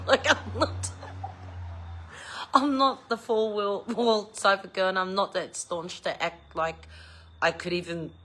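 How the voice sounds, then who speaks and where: A middle-aged woman vlogger chats casually with her viewers, giggling often, swearing freely, and poking fun at herself. Her voice is medium-pitched and a bit bright, with a little hiss or hum in the recording.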